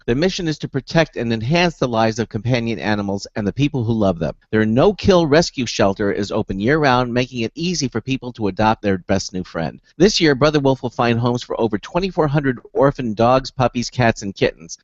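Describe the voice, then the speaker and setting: A man reads a scripted public service announcement at a steady, measured pace. His voice is dry and close, and the recording is a little dull. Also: medium pitch, no echo.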